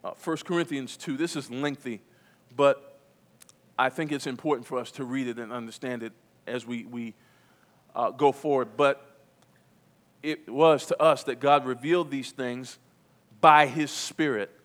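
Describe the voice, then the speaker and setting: A man's voice: medium pitch, steady tone, a little slow, pauses often, a bit bright. A pastor preaching a sermon to his congregation, with emphatic repetition and questions to the room. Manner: emphatic preaching, repeats key phrases, calls to the congregation. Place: church.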